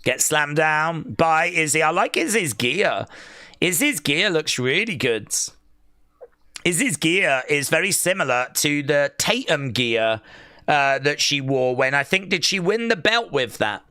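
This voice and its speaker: A man giving excitable, jokey play-by-play on a live wrestling watch-along and reading viewer comments aloud. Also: on the high side, a little slow, dry recording, clean studio sound.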